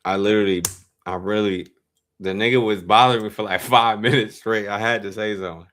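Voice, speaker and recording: A young male streamer chatting casually with his live audience, his voice sitting on the low side with a bright, forceful edge. He tells stories in an animated, slangy and profane way and reads the chat aloud as he goes. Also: brisk.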